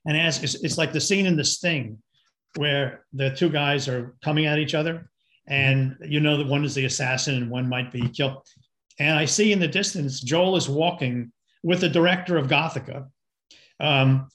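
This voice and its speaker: An older man, a film producer, telling backstage stories in a casual, animated way and acting out both sides of phone calls. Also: fairly high pitch, normal speed. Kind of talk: casual storytelling.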